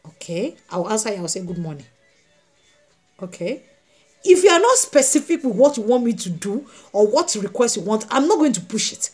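Emphatic woman evangelist, raised pitch. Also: big pitch swings, a little fast, a little mellow, husky, faint music behind. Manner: emphatic, repeats phrases, addresses the congregation directly. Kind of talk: sermon.

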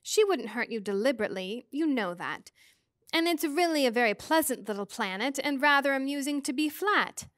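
A woman's voice: sits high, lively intonation, moderate pace, fairly bright tone, no room sound, clean studio sound. A woman voicing a kindly, motherly otherworldly old woman who reassures the children cheerfully.

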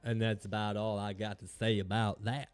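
A man's voice: lowish voice, little pitch movement, moderate pace, smooth, soft background music. A man chatting casually on a live stream, rambling, chatty and self-mocking, swearing freely into a desk mic.

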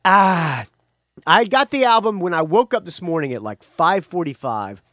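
A man with a high, a bit bright voice and big pitch swings speaks at normal speed on clean studio audio with no echo. Hosting his own music podcast, he rambles casually and chattily, often restarting, correcting himself, and tossing in asides.

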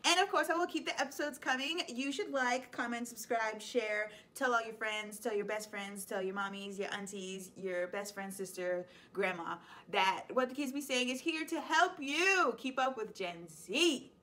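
Bright-voiced woman host, playful. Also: a little high, moderate pace, few pauses. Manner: chatty and playful, laughs often. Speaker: host, high school teacher. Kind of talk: casual explainer vlog.

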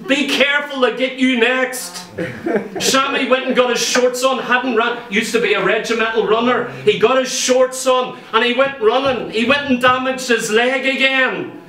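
A man with an Irish accent preaching a sermon, telling stories in a lively way and acting out what people said. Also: very high voice, moderate pace. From Ireland. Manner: lively storytelling, acts out quoted speech. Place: church. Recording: echoey church room, mic at a distance.

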